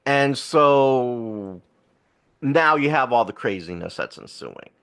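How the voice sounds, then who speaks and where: A man co-hosts a casual podcast and retells a movie's plot at length. He rambles, backtracks and laughs as he talks, and his pitch jumps around a lot. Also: lively intonation, slow, fairly bright tone, clean tone. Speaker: podcast co-host. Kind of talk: casual film review chat.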